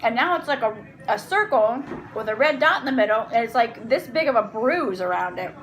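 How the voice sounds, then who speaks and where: A woman's voice: fairly high pitch, lively intonation, fairly quick, slight background noise, rough recording. A young woman hosting an eating vlog at home, chatting casually between bites and rambling through a long story. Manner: rambling storyteller, talks with food in mouth. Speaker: vlog host and mother. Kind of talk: casual chat while eating. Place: family home at the table.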